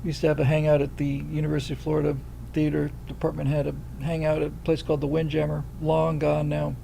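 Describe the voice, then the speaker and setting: A man's voice: fairly high pitch, monotone, fast talker, gravelly, dark tone, slight background noise, poor audio. A man hosting a livestream, chatting casually and telling rambling anecdotes. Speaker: host.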